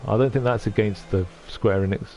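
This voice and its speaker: A middle-aged man chatting on a livestream, soft-spoken and halting, often moved. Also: fairly low pitch, soft background music. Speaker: streamer. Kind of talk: casual livestream chat.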